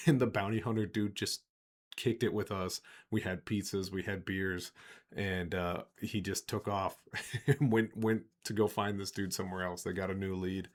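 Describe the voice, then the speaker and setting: A man's voice: low-pitched, fairly even intonation, normal speed. A man hosting a podcast, telling a long story casually and laughing often. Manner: laughing often, rambling with fillers. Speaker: podcast host.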